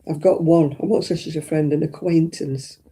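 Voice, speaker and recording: A woman's voice: low voice, steady tone, moderate pace, mellow, husky. An older woman, chatting casually as host of a crafting livestream and rambling through anecdotes. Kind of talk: casual chat.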